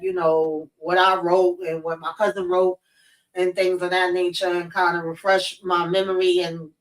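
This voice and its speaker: A woman hosting a vlog, telling a personal story in a casual, expressive and profane way, talking straight to her viewers. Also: fairly low pitch, recorded from a distance, rough recording. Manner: expressive, profane, addresses viewers as child and y'all.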